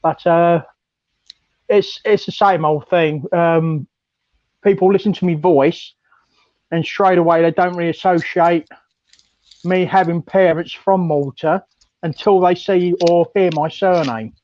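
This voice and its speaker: A man's voice: a little high, steady tone, a little slow, long pauses, darkish tone, no echo, dull audio. A man with a London accent, calling in by phone to a live chat and telling a rambling story with lots of ums. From London, England. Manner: rambling, many ums, laughs at his own story. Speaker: caller on a live stream. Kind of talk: casual storytelling.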